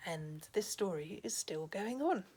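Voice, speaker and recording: A woman's voice: mid-range voice, animated, measured pace, darkish tone, husky. A woman telling folk tales in a casual storytelling video, chatty and full of asides. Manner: chatty, with many ums and asides.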